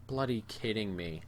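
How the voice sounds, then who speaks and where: A man's voice: fairly low pitch, heavy background noise. Man commentating his own football game. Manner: mock play-by-play, swinging between excited shouts and gloomy muttering. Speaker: gaming YouTuber.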